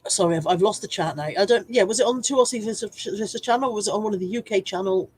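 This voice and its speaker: A woman's voice: mid-range voice, quick pace, a little mellow, slight background noise. A woman hosting a casual live stream while full of a cold, chatting, rambling and poking fun at herself as she greets viewers by name. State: congested with a cold, coughing.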